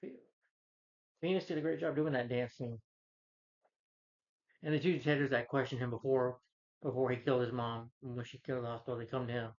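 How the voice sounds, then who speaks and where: A man's voice: mid-range voice, fairly even intonation, fairly quick, long pauses, highs cut off. A man casually recapping a film's plot in a rambling way, full of fillers and restarts. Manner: rambling, filler-heavy retelling with frequent restarts. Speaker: film reviewer. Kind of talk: casual spoken film recap.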